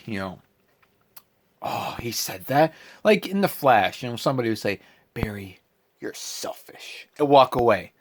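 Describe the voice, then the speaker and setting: A man giving a casual vlog movie review, ranting with animated exasperation. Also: medium pitch.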